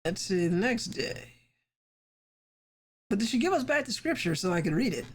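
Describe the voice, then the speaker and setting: A woman's voice: mid-range voice, big pitch swings, normal speed, breathy edge. A woman streaming a video game, chatting casually with wry, self-interrupting asides. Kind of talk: casual live-stream commentary.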